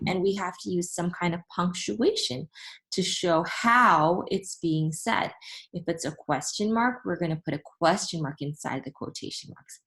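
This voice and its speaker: A woman's voice: fairly low pitch, fairly bright tone, low-quality recording. A woman teacher giving a recorded lesson, explaining patiently and addressing her students directly. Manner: patient and deliberate, repeats and rereads examples aloud. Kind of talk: recorded remote classroom lesson.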